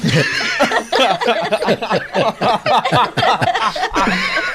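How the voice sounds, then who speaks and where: A man's voice: very high voice, wildly swooping pitch, pushed and bright. A young man on a radio show, a former intern, telling rambling stories with many restarts and laughs. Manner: rambling, halting, laughs often. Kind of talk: casual radio chat, storytelling.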